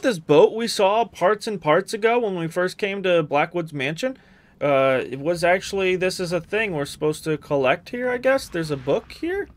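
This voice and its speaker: A man's voice: on the high side, normal speed. Chatty young man playing a horror game. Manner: jumpy, chatty, mutters to himself, yelps at scares. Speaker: gaming streamer. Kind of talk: casual gameplay commentary.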